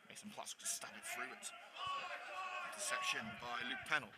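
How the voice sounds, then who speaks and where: A man giving live commentary on a football match, hurried and out of breath while he juggles several jobs. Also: mid-range voice, huge pitch swings, over a noisy crowd. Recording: noisy stadium ambience.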